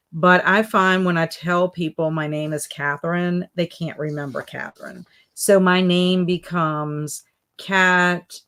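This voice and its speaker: A woman hosting a relaxed live stream, chatting in a rambling way and reading out viewer comments. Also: low voice. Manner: rambling, chatty, lots of fillers. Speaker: livestream host reading chat comments. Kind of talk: casual chat. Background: soft background music.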